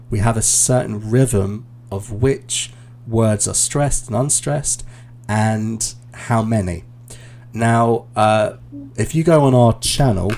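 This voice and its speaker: A British man, an IELTS teacher, giving relaxed, explanatory feedback in a live online class, with plenty of ums and uhs. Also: fairly low pitch, gravelly, a little hiss or hum.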